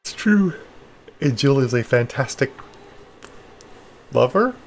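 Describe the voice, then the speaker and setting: A man's voice: medium pitch, expressive, slow pace, slight background noise. A man hosting a writing livestream, chatting casually and affectionately with viewers and reacting to their comments. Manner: chatty, affectionate, calls people honey. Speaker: livestream host of a writing session.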